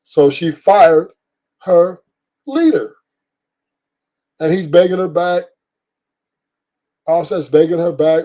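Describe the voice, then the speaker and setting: Male host for a talk commentary: mellow, slightly raised voice, preachy delivery. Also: fairly high pitch, takes it slowly, pauses often. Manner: lecturing, repeats his points. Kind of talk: opinion commentary.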